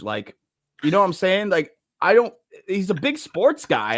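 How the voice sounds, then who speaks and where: A man's voice: mid-range voice, animated, a little slow, fairly bright tone. Rambling casual male podcast co-host. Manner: rambling, laughs easily, heavy on "like" fillers.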